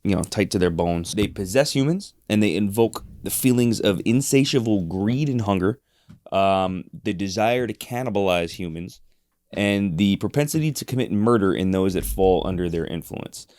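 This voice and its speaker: A man co-hosting a podcast, telling a spooky story in casual chat, rambling with restarts and quick laughs. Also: on the low side, expressive, darkish tone, no room sound, clean studio sound. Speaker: podcast co-host.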